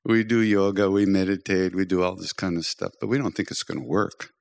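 Low-voiced older man telling spiritual stories. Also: brisk, vocal fry. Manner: gently humorous, self-deprecating storyteller. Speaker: spiritual teacher and podcast host. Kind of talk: storytelling spiritual talk.

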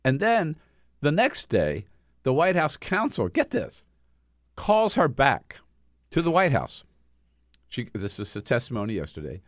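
Lively, emphatic talk-radio host man. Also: medium pitch, unhurried, pauses often, dry recording, clean studio sound. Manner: emphatic, indignant storytelling. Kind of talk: political talk radio commentary.

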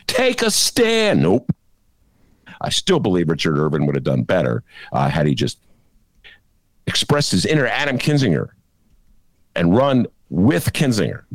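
A man hosting a political talk show, animated and laughing, often mocking others in put-on voices. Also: on the low side, no room sound. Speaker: podcast host. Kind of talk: casual political commentary.

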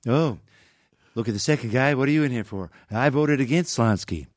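A man impersonating an older male president, who tells jokes with a folksy drawl full of halting ums and wells. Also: mid-range voice, no room sound, studio quality, natural voice. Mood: joking.

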